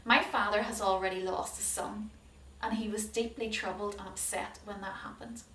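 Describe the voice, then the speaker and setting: A woman's voice: medium pitch, steady tone, normal speed, bright, forceful tone. A woman voicing a humble grown man who pleads earnestly for his younger brother, in a storybook reading. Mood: pleading. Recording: roomy hall, distant mic.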